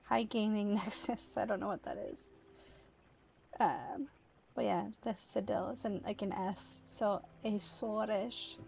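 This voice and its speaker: A woman's voice: medium pitch, steady tone, slow pace, creaky, a little mellow. A woman from the United States casually chatting while streaming a game, explaining words to her chat at an easy pace. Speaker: streamer and mother.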